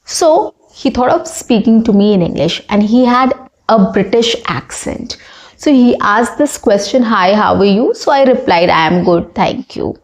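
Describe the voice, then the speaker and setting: Woman, young adult, English teacher, earnest, fairly high voice, checks in with listeners. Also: animated, a little slow, a little mellow. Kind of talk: spoken English lesson with personal story.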